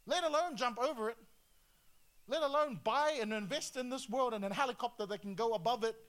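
A male pastor preaching a sermon in an animated way, full of rhetorical questions and swings between loud and quiet. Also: very high voice, brisk.

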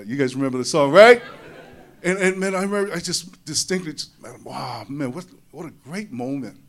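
A man giving a personal testimony to an audience. He talks in an animated way, repeats his words, and drops low and soft in tender moments. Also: normal speed. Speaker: speaker sharing a personal testimony. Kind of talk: emotional storytelling speech.

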